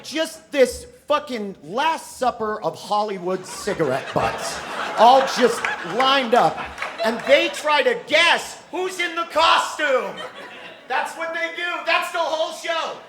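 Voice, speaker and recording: Loud profane stand-up comic man. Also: very high voice. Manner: loud, profane, mocking, acts out voices. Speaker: stand-up comedian. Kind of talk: stand-up set. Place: theater stage before a live audience. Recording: echoey live theater recording with noise.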